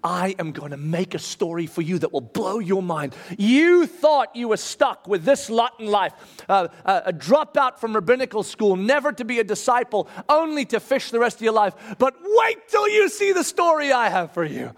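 A preacher voicing a gentle, hushed Jesus. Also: male voice, a little high, steady tone, moderate pace, few pauses, breathy edge. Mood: reassuring. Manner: soft, hushed, reassuring. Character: Jesus, calm gentle reassuring male teacher.

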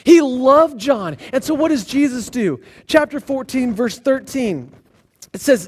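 A man preaching a sermon, retelling scripture stories in a lively way with sarcastic asides. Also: very high voice, unhurried, husky. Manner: animated storytelling with sarcastic asides. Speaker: pastor.

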